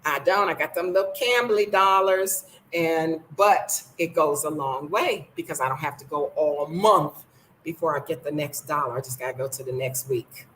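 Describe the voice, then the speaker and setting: An older American woman vlogs casually from her home, blunt and sassy. Her voice is low and fairly bright, at normal speed, on a rough recording with slight background noise.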